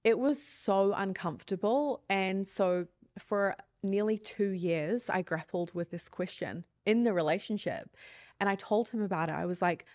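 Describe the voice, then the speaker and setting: A woman's voice: mid-range voice, normal speed, darkish tone, no room sound. Earnest woman in her thirties, dry sound. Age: 30s. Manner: reflective, open and earnest. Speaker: podcast guest. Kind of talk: candid conversational storytelling.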